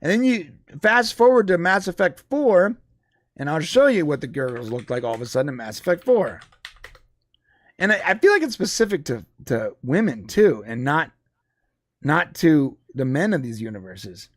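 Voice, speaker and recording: Brief: male podcast co-host, fairly high voice, dry close sound, loose conversational delivery with restarts. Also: very animated, normal speed, no room sound. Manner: conversational, with frequent restarts and fillers. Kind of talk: casual live-stream chat.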